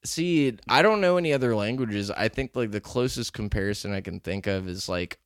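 With a lowish voice, lively intonation and a fairly quick pace, a man co-hosts a podcast. His casual storytelling is loose and rambling with plenty of fillers, and the studio sound is clean with no echo.

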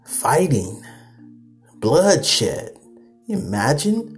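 Animated man ranting on a podcast. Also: on the low side, unhurried, soft background music. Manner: animated, repetitive, laughs at himself. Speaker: podcast host. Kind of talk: late-night podcast rant.

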